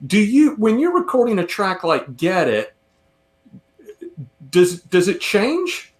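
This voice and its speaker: A man hosting an interview, asking questions and reading viewer questions in a halting way with many ums. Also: high-pitched, big pitch swings. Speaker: interview host.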